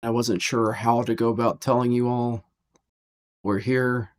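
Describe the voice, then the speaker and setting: A man playing a tabletop role-playing game, speaking his character's lines in a measured, deliberate way. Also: medium pitch, level tone.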